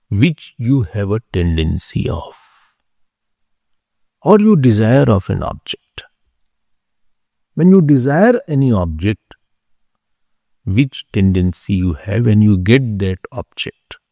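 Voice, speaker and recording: Man, gravelly, mellow, lively pitch, patient teaching, philosophy lecture. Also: no echo, clean studio sound. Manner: slow, explanatory, repeats key terms, asks if clear. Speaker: spiritual teacher.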